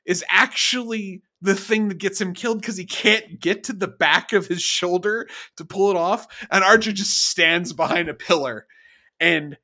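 Man, podcast co-host, animated, laughing, profane, higher voice, bright and sharp. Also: normal speed. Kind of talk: casual TV recap chat.

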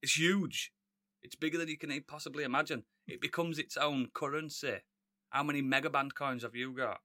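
An excitable man chats on a podcast, rambling and laughing as he goes. His voice is very bright and a little high, and the recording is close and dry. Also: a little fast, no room sound. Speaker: podcast co-host. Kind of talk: casual chat.

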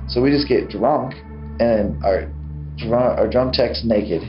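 A man, a band vocalist, telling stories casually in an interview with relaxed slang and a ready laugh. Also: mid-range voice, measured pace. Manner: laid-back, slangy, laughing as he tells stories. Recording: archival interview, roomy and dull with music.

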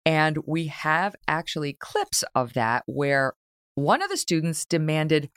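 A woman hosting an interview show in casual chat, blunt and quick to laugh and swear. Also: low voice, big pitch swings, fairly bright tone, dry recording, clean studio sound. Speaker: talk show host.

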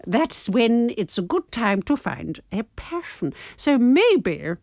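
A woman's voice: fairly high pitch, sing-song, slow pace, creaky, darkish tone, dry recording, studio quality. A woman co-hosting a comic podcast, playful and rambling. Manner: playful, rambling, with frequent laughs. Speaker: podcast co-host.

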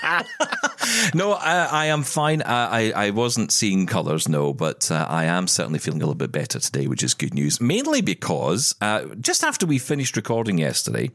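A man's voice: fairly low pitch, very animated, brisk, few pauses, fairly bright tone, no echo. A man co-hosting a podcast, joking and self-mocking in casual chat while nursing a headache. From Scotland. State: has a lingering headache. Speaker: podcast co-host.

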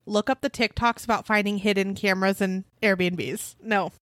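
A woman co-hosting a podcast who chimes in with quick, teasing comments. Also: mid-range voice, fairly even intonation, no room sound, studio quality. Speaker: podcast co-host. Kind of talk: casual chat.

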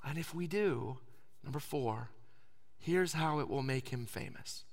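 A man in his thirties preaching a sermon, swinging from loud emphasis down to soft whispers. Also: medium pitch, a little slow, long reverb tail. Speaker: pastor.

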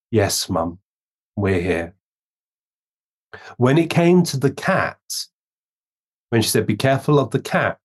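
Slow-paced British man telling a story. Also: mid-range voice. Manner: slow, unhurried storytelling, acting out quoted voices. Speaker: guest medium telling a story. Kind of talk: storytelling interview talk.

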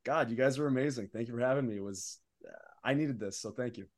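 A young man, a wrestler guest, telling stories in a casual interview with rising excitement. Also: medium pitch, fast. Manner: animated, building excitement in stories.

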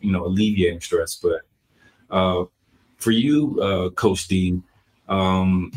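A man co-hosting a podcast interview, talking in a halting way with many fillers and restarts. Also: low-pitched, rough recording. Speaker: podcast co-host. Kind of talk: conversational interview.

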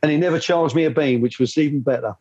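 A man's voice: on the high side, fast, lo-fi sound, a crowd in the background. An older man, a former football coach, telling rambling anecdotes with lots of fillers in an interview. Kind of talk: storytelling interview.

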